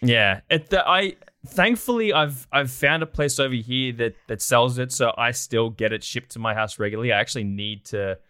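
A man's voice: medium pitch, moderate pace, hardly any pauses, bright, forceful tone, clear, resonant tone, dry recording, studio quality. An Australian man chatting enthusiastically as a guest in a casual interview. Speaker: guest, documentary producer.

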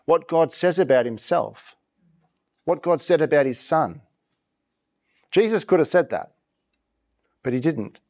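A man's voice: fairly high pitch, expressive, measured pace, long pauses, a little mellow. A male pastor giving a sermon in a conversational preaching manner, often repeating and restarting his phrases.

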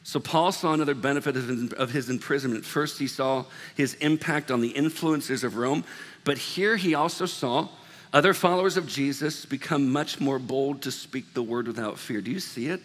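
Animated pastor in an echoing hall. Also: male voice, mid-range voice, normal speed. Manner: conversational, animated, self-deprecating asides. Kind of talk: sermon.

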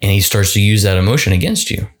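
Deep-voiced man giving casual motivational talk. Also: quick pace. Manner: casual and conversational, restarts and repeats words. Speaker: podcast host. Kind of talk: solo motivational podcast monologue.

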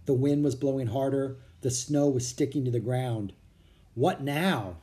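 A reader narrating a children's storybook aloud with an expressive delivery. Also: medium pitch, normal speed. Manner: expressive, animated reading. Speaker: audiobook reader.

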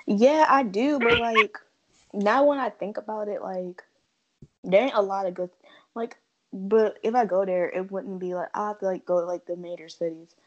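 A woman's voice: medium pitch, steady tone, moderate pace. Blunt young American woman, lo-fi sound. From United States. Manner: blunt, opinionated, laid-back. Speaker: podcast co-host. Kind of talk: casual podcast chat.

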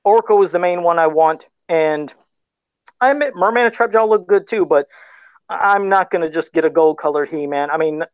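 A man's voice: a little high, clean tone, no room sound, lo-fi sound. A man talking casually on a livestream about his first sculpted custom figure, self-deprecating and laughing often. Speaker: guest toy sculptor.

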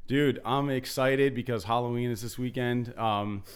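A man's voice: medium pitch, fairly even intonation, normal speed, smooth. Upbeat man hosting a podcast. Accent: Rhode Island. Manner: upbeat, laughs often, many fillers. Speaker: podcast host. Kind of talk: casual podcast chat.

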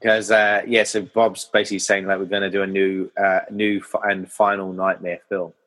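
Male co-host, lowish voice, relaxed plot-recap chatter. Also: normal speed, rough recording. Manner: chatty, laughs often, retells plot. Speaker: film podcast co-host. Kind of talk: casual film discussion.

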